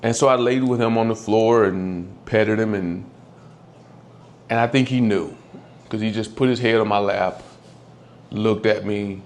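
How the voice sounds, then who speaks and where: A man telling the story of losing his old dog, candid and halting, often close to tears as his voice drops. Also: steady tone, a little mellow. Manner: candid, halting, swears, voice drops low when upset. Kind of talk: emotional personal storytelling.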